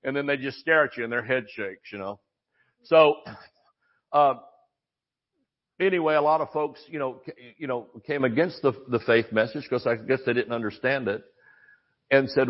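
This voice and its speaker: Older man, folksy preacher, rambles with restarts, middle pitch, slightly dull recording. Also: normal speed, pauses often. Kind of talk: sermon.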